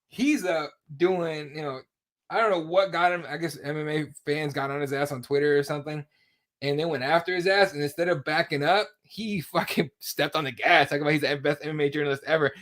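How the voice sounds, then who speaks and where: A man's voice: on the high side, fairly bright tone. Crude, blunt man hosting a podcast. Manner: crude, blunt, reads out viewer comments. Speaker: podcast host. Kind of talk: casual chat.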